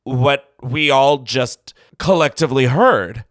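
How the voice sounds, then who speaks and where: A man's voice: mid-range voice, takes it slowly, fairly bright tone, dry recording, studio quality. A man hosting a call-in show, reacting to callers in a dramatic, campy way. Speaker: podcast host taking calls. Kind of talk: casual call-in chat.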